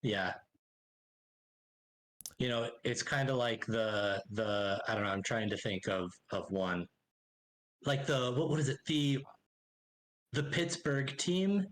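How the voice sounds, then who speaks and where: A man narrating as game master in a casual tabletop game, halting and full of fillers. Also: mid-range voice, lively intonation, a bit bright, slight background noise.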